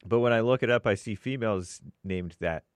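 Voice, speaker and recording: A man co-hosting a radio show, soft-spoken and hesitant in casual studio banter. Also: fairly low pitch, a little fast, clean tone, no echo. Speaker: radio co-host. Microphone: studio mic.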